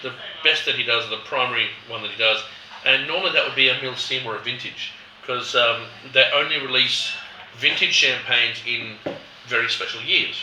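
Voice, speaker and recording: Man, animated tasting host, bright tone, roomy, faint background noise. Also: mid-range voice, normal speed, recorded from a distance. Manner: animated, acts out quotes with rising voice. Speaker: wine educator host. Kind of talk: casual tasting chat.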